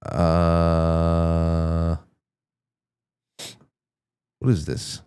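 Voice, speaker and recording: Guy hosting a talk show, smooth clear voice, dry close sound, rambles and restarts a lot. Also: sits low, completely flat delivery, drawn-out words, mellow, no echo. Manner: rambling, many restarts and stammers. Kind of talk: casual on-air chat.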